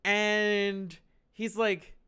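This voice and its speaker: A man's voice: sits high, level tone, drawn-out words, bright, forceful tone, clear, resonant tone. A man telling a story on a stream, profane, incredulous and exasperated.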